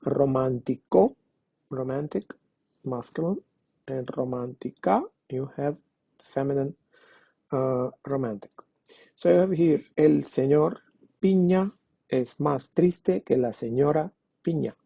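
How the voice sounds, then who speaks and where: A man's voice: mid-range voice, a little slow, vocal fry, warm tone, breathy edge, dry recording. A man teaching a language lesson online, explaining step by step and translating each example. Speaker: Spanish teacher. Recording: dull lo-fi dry recording.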